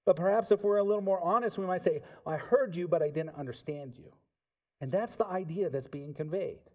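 A man preaching a sermon, swinging from loud emphatic peaks to quiet low asides and asking the congregation rhetorical questions. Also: a little fast.

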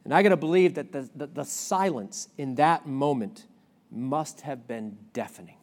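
A man preaching a sermon, asking the listeners questions and swinging between loud outbursts and hushed lines. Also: medium pitch, moderate pace. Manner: asks the audience questions. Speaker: pastor.

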